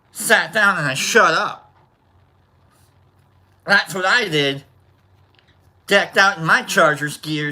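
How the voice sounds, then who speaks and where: A man hosting a show, chatting casually and telling animated, joking stories. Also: fairly high pitch. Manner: animated, joking, acts out quoted voices with loud yells. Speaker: livestream host. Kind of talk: casual storytelling chat.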